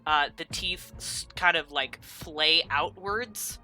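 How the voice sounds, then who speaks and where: A woman's voice: sits low, takes it slowly, sharp tone, faint music behind, poor audio. A young adult woman narrating a tabletop game as game master, rambling with many fillers and laughs.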